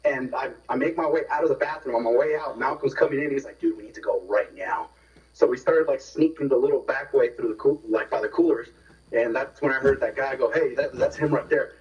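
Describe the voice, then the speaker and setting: A man's voice: medium pitch, steady tone, fast talker. Distant-sounding man telling a story. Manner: rambling, repeats words, swears casually. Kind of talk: casual storytelling. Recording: distant, dull radio phone-in sound.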